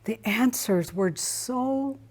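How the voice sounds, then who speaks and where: A middle-aged woman, a guest in an interview, telling a personal story in an animated, expressive way, acting out her own reactions. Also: on the high side, slow pace.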